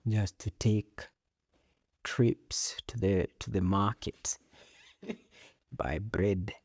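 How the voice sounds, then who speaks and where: A man's voice: on the low side, fairly even intonation, drawn-out words, darkish tone, husky, dry recording, studio quality. A man hosting a casual solo talk show, rambling in a laid-back way, swearing often and laughing at his own jokes. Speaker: podcast host.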